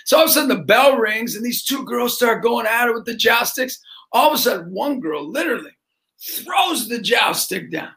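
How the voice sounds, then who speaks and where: A middle-aged man, a basketball coach who also works as a motivational speaker, tells a story with great energy, shouting, laughing and acting out each character's voice. His voice is very high and expressive, with vocal fry, at a moderate pace.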